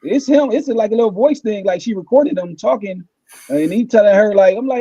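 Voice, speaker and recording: A man co-hosting a podcast in casual chat, rambling and animated, piling on "like" and "man". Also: high-pitched, fast, slightly rough, no echo, muffled recording. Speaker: podcast co-host.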